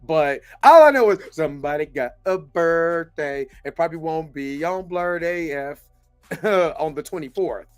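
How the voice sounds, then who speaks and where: A man's voice: fairly high pitch, animated, measured pace, smooth, faint music behind. A man hosting a podcast in casual, joking chat, laughing often. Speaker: podcast host. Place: lives in Kansas City.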